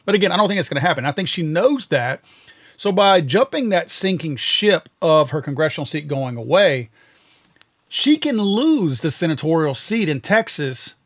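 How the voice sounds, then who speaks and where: A man's voice: fairly high pitch, sing-song, moderate pace, a bit bright. Blunt, sarcastic male podcast host. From Louisiana. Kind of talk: political commentary monologue.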